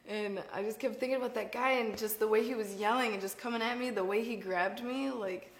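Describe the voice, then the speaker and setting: A woman's voice: medium pitch, fairly even intonation, fairly quick, echoey room. A young woman guest telling a candid story, rambling with fillers and frequent giggles. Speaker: podcast guest. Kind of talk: candid storytelling, casual chat.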